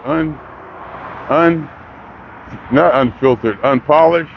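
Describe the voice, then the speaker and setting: A man's voice: mid-range voice, moderate pace. Older man, rambling vlog talker who works himself up; dull lo-fi outdoor audio with faint hiss. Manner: rambling, talks himself into excitement. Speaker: vlogger. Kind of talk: casual monologue.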